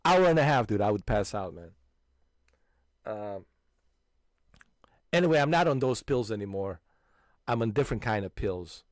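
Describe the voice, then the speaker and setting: A man hosting a gaming channel, loudly swapping stories with friends and breaking into frequent laughter and exclamations. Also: on the low side, lively intonation, normal speed, pauses often, no room sound, clean studio sound. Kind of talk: casual chat with friends.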